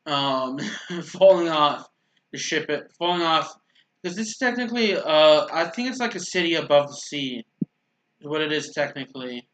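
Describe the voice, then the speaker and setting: A man talking his way through a video game in loose, rambling commentary, stumbling over his words and taking things back as he goes. His voice sits a little high for a man and rings with a roomy echo. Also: animated, moderate pace, a bit bright. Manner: rambling, self-correcting, stutters. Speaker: gaming YouTuber. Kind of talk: casual gameplay commentary.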